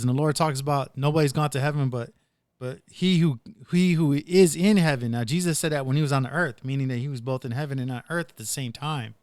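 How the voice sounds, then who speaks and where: Man, podcast host, casual rambling storytelling, average pitch, dry. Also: fast talker, darkish tone, no echo. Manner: rambling, retelling stories with lots of "dude" and "like".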